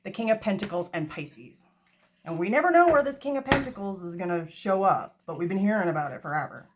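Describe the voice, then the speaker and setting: A woman's voice: medium pitch, animated, brisk, noisy background. A woman giving a casual tarot reading, chatty and self-mocking, swearing freely, recorded on a phone. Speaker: tarot reader. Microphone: phone camera.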